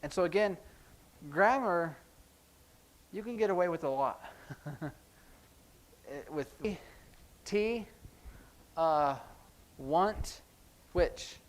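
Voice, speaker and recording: A man teaching a sign language class in a church classroom, explaining in a relaxed, conversational way with frequent ums. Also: high-pitched, extremely slow, pauses often. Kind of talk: classroom lesson.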